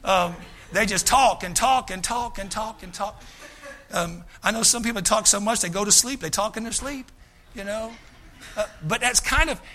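A male pastor, preaching a folksy, animated sermon, often acting out quoted voices and repeating his starts. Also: high voice.

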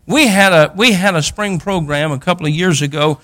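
Folksy older preacher with a bright voice. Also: male voice, high-pitched, normal speed. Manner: folksy storytelling, acting out Bible characters, builds to loud peaks. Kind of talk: sermon.

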